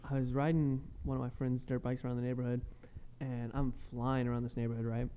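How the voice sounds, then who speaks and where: A man's voice: flat delivery, brisk, dark tone, clear, resonant tone. Laid-back young man telling a story. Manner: laughs often, acts out quotes in a higher voice. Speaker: podcast co-host. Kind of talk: casual storytelling. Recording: dull lo-fi sound.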